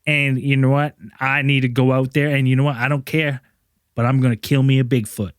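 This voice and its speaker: A man's voice: medium pitch, little pitch movement, a little fast, clean tone, dry recording, studio quality, pitched below the performer's own voice, lightly acted. A man voicing a brash hunter who talks boastfully and defiantly.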